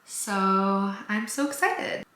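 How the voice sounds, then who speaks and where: A woman's voice: mid-range voice, slow, a bit bright, roomy sound. A woman chatting casually while doing her makeup in a get-ready-with-me vlog, rambling with lots of fillers. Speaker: beauty vlogger.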